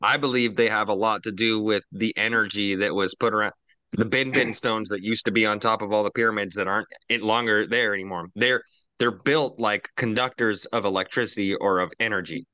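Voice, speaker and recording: A man's voice: on the low side, fairly even intonation, fairly quick, bright, forceful tone, dry recording. A man on a casual roundtable podcast, ranting profanely and animatedly while drinking.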